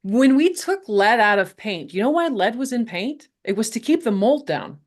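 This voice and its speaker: A middle-aged woman telling her story as a podcast guest, candid and animated, laughing often and swearing casually. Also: on the high side, normal speed, hardly any pauses. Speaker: podcast guest, health coach.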